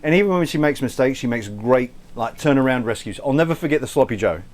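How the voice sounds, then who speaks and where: Guy rambling through a cooking stream, shouting out viewers, tosses in a bit of cursing, keeps a put-on accent going the whole time. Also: mid-range voice, animated, quick pace. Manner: chatty, rambling, thanks viewers by name; frequent self-interruptions and light swearing. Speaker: cooking livestream host. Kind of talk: casual live-stream chat while cooking.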